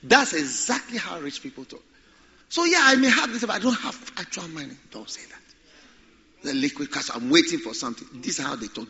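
A man preaching a sermon, animated and repeating phrases for emphasis. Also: mid-range voice, dull audio.

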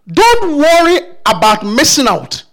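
A man preaching a sermon with passion. He fires off repeated questions and builds up to shouting. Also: extremely high pitch, huge pitch swings, unhurried.

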